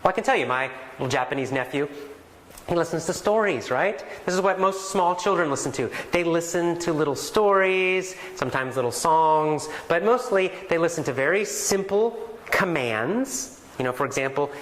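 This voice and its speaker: Animated man teaching in an echoey room. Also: normal speed. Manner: animated, explanatory, acts out greetings in a lively higher voice. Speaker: language teacher. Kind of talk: casual spoken lesson.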